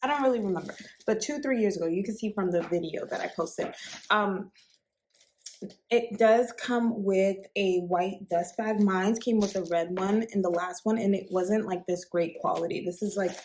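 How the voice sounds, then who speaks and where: A woman chatting through a casual storytelling unboxing vlog in an excitable, conversational way. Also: mid-range voice, normal speed, slight background noise. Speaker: fashion vlogger.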